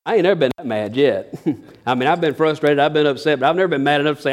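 A pastor delivers a fast, animated, folksy sermon in a voice pitched slightly high for a man. He blends humor with scripture, moving from big, lively passages to quiet asides.

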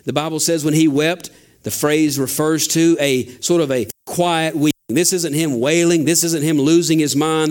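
A man's voice: fairly high pitch, clear, resonant tone. A man preaching a sermon as a pastor, asking rhetorical questions and building emphasis. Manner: father.

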